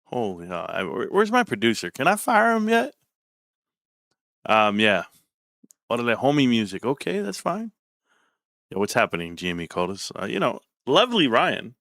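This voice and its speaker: Man from California, ranting streamer, bright tense voice, dry close sound. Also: medium pitch, moderate pace, long pauses, no echo. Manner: animated, swearing, sarcastic. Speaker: stock market streamer. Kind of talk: casual ranting livestream.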